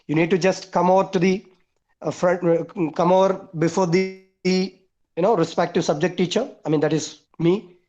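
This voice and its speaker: A man's voice: high-pitched, fairly even intonation, normal speed, darkish tone. A man teaching an online class. He lists his points one by one and repeats the key words. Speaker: English teacher. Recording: dull lo-fi online call audio.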